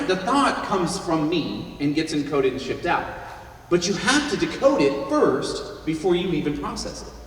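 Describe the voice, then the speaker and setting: A man giving a joking, animated talk as a guest speaker at a luncheon, recorded from far off in a hall. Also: fairly high pitch, slight background noise. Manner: animated, joking, acts out quick voices. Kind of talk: luncheon talk on listening skills.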